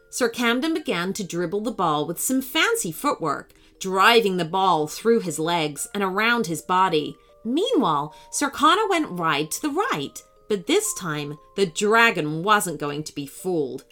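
A woman narrating a scripted children's story in an expressive, animated storytelling manner. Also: mid-range voice.

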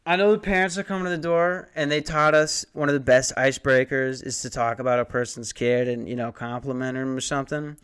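A man's voice: mid-range voice, fairly even intonation, fairly quick, hardly any pauses, a bit bright, clear, resonant tone. A young man telling a rambling, profane, self-mocking story about his door-to-door sales job. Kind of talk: casual comedic storytelling monologue.

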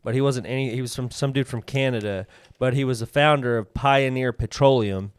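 A man's voice: medium pitch, fairly quick, clean tone, dry recording. A man co-hosting a podcast, chatting in a laid-back, agreeable way. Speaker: podcast co-host. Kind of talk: casual chat.

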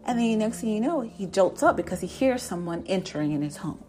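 A woman's voice: medium pitch, expressive, fairly quick, a little mellow, faint music behind. A woman casually recapping a TV drama episode, chatting and laughing as she acts out the characters' lines.

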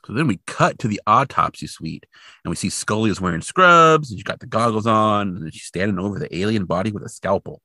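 A man's voice: on the low side, animated, a little fast, sharp tone, dry recording, clean studio sound. A man co-hosting a podcast, recapping a TV episode in casual chat and leaping into exaggerated voices when he quotes characters. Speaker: podcast co-host.

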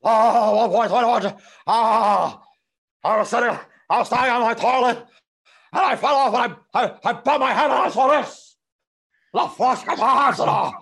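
A man's voice: unhurried, creaky, long pauses, fairly bright tone, slightly rough, full character voice. A man doing an impression of a panicked, confused young man, babbling. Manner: high, breathless, babbling.

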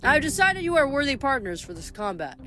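A woman's voice: sits high, big pitch swings, brisk, bright, forceful tone, soft background music, pitched above the performer's own voice, exaggerated voice. A woman voicing a smug, lazy male wine god who drawls unhurriedly, reading a storybook aloud.

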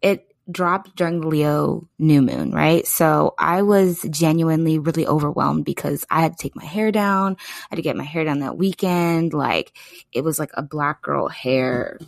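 A young woman hosts a podcast in a low, gravelly voice. She talks in an excitable, gushing, chatty way, like a call with a close friend. Her voice sounds dry and close, with no room around it. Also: normal speed, no room sound. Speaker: podcast host. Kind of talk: casual podcast chat.

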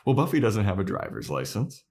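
A man co-hosting a podcast, chatting casually and acting out characters' lines in quick put-on voices. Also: lowish voice, big pitch swings, darkish tone. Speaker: podcast co-host. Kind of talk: casual chat recapping an episode.

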